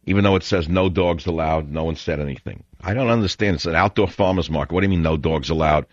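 A man's voice: low voice, quick pace, no echo. A man hosting a call-in radio show, ranting in a scornful, blunt way. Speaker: radio talk show host. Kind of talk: call-in talk radio monologue. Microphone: studio broadcast microphone. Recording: dull, dry radio broadcast audio.

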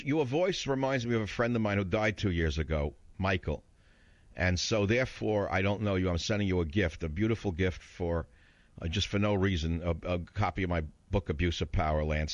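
Low-voiced guy ranting on talk radio, mocking and combative, dry lo-fi sound. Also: no echo. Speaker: radio talk show host.

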